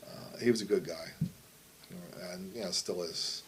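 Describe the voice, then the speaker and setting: A man's voice: low-pitched, a little slow, slight background noise, rough recording. A middle-aged man telling wrestling stories in a casual interview, rambling and profane, often asking "you know what I mean". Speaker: wrestling promoter.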